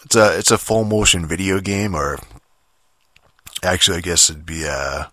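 A man's voice: low voice, normal speed, bright, forceful tone, no room sound, studio quality. A man rambling in a casual, profane rant about video games, full of filler words, restarts and exasperated mockery. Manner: exasperated, mocking. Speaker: gamer talking about games.

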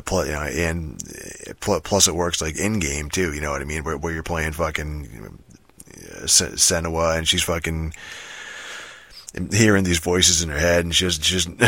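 Very deep-voiced man ranting about a game. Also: sharp tone, dry recording. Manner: profane, rambling, with frequent fillers and laughs; sarcastic. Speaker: gamer giving a game review. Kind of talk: casual rambling rant.

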